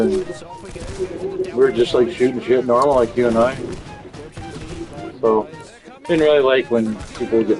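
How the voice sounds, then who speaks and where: A man's voice: mid-range voice, a little mellow, low-quality recording. Rambling man chatting while gaming. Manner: rambling, swears often, frequent fillers and restarts. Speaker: gaming channel host. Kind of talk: casual chat while playing a game.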